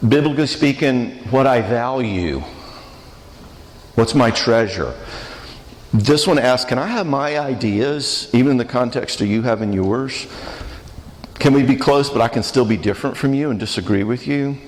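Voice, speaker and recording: In a reverberant church hall, a man speaks at a marriage conference with a medium-pitched voice and moderate pace. His talk is conversational and full of jokes, and he keeps putting questions to the audience.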